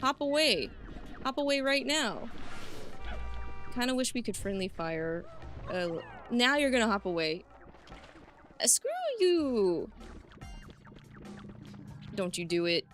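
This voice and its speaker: A young woman streaming a game live, commenting in an excitable way, often yelling, swearing and laughing at the screen. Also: mid-range voice, moderate pace, long pauses, faint music behind. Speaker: VTuber streamer.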